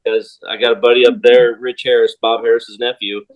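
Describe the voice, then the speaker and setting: A man's voice: mid-range voice, level tone, a little fast, muffled recording. A man, a race-driver guest on a podcast, telling easygoing anecdotes in casual chat. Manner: easygoing anecdote teller, many short agreements.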